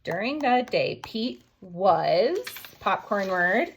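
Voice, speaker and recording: Slow phonics teacher woman, gravelly. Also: medium pitch, sing-song, a little hiss or hum. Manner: slow, stretched phonics sounding-out. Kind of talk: early-grade writing lesson, sounding out words.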